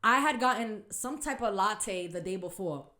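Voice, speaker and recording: A young woman, hosting a podcast and telling a story in a casual, animated way, full of slang and swearing. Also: mid-range voice, moderate pace, reverberant. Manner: animated, swearing, slangy retelling with acted quotes. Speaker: podcast host.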